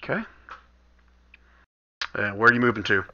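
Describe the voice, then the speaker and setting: A casual game master who thinks aloud as he narrates and moves pieces on the map. His voice is sharply bright. It comes through a muffled, lo-fi voice chat. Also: fairly low pitch, moderate pace. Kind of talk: running a tabletop game over voice chat. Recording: dull lo-fi voice chat audio.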